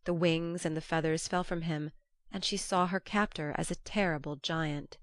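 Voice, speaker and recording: A woman narrating an old-fashioned storybook in a measured, storytelling manner. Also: low-pitched, fairly even intonation, no echo, clean studio sound. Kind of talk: storybook reading.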